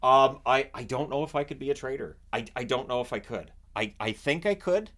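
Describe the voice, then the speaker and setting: A man from Canada chatting casually about a reality show he watches, animated and often restarting his sentences. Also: medium pitch, a little fast. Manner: animated, acts out quotes in raised voice; repeats and restarts words often. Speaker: vlogger. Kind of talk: casual chat.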